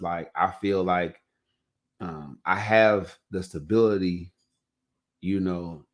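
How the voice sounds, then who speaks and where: A man hosting a casual podcast, telling stories in a loose, chatty way and often saying "you know what I'm saying". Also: low voice. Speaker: podcast host.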